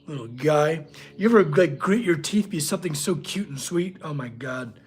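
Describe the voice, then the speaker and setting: A man's voice: fairly high pitch, animated, fairly quick, slightly rough. A man hosting a casual livestream from his workshop, chatting with viewers and talking to his dog. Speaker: blacksmith livestream host.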